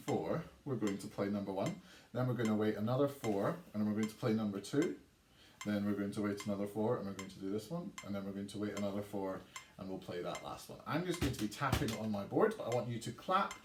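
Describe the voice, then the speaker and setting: A man teaching a recorded online music lesson for children, chanting rhythm words and encouraging the pupils. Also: fairly low pitch. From England. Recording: echoey room, faint noise.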